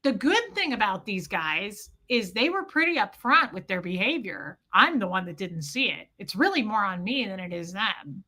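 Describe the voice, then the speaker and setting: Bright, impassioned woman livestreamer. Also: mid-range voice, sing-song, moderate pace, few pauses. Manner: impassioned, swings between yelling and quiet reflection. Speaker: livestream host. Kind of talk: emotional livestream monologue.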